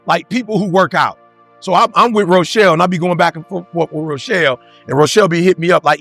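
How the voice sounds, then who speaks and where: A man's voice: fairly high pitch, fast talker, gravelly, fairly bright tone, dry recording, soft background music. A man giving a motivational talk to a live audience, firing off rhetorical questions in casual street slang. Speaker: motivational speaker.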